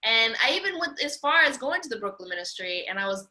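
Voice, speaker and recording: A woman hosting a casual chat, telling her stories in an animated way and acting out the quotes. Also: on the high side, fast. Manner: animated storyteller, acts out quotes. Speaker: podcast host.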